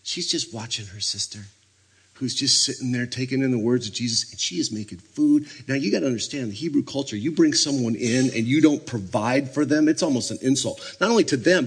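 A male preacher delivers a sermon in a husky, slightly breathy voice at an ordinary middle pitch. He tells stories with energy, slipping into characters and little acted-out scenes. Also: fairly quick. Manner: animated storytelling, acting out scenes.

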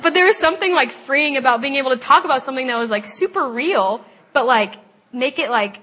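A young woman gives a personal faith testimony in a chatty, animated way. Her voice is bright and sits a little high. She laughs often and fills her talk with "like". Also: quick pace. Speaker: speaker at a Christian gathering.

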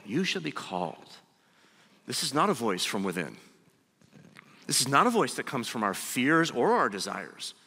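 A man preaching a sermon, emphatic and deliberate, slowing down to stress his key phrases. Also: medium pitch, big pitch swings, bright, forceful tone, breathy edge. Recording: long hall reverb.

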